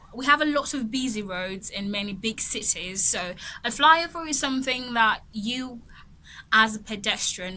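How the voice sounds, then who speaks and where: A woman teacher talks through a vocabulary lesson in a loose, conversational style, laughing easily and stopping to correct herself. Her voice is bright and sits a little high. A faint background hiss runs under her speech. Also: rough recording. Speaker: English teacher. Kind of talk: casual explanatory lesson.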